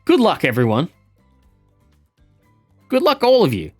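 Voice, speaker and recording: Animated, swearing streamer with faint music. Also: male voice, on the high side, measured pace. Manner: animated, swearing, laughing at the game. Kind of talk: casual live-stream chat.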